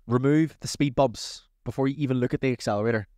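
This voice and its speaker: A man hosting a casual advice podcast as a coach, talking in an energetic, chatty, motivational way. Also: medium pitch, fast, no echo, clean studio sound.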